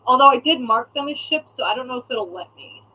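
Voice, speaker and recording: A woman's voice: high voice, animated, a little fast, sharp tone, breathy edge, rough recording. A young woman chatting casually on a live stream as a craft shop owner, reading out viewer comments and swearing now and then.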